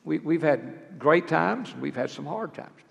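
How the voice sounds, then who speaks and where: An older male preacher with a heavily gravelly, slightly high voice. He speaks in a folksy, earnest way. His words echo through a large hall. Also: expressive, measured pace. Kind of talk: sermon. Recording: long hall reverb.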